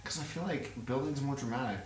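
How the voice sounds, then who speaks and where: A man's voice: mid-range voice, quick pace. A man playing a tabletop game, rambling through a plan with lots of fillers. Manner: rambling, excited planning with many fillers. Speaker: player. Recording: echoey room, faint noise.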